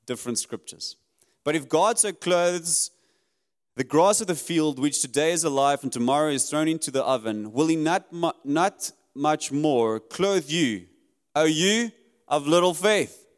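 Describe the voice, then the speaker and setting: A man preaching a sermon, earnest and conversational, reading and paraphrasing scripture in a church. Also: a little high.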